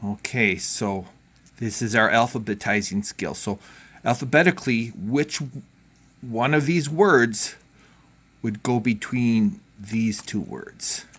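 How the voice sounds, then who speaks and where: A man teaching a home learning video lesson, talking children through the work in a casual, encouraging way and thinking out loud. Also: on the low side, slow, husky.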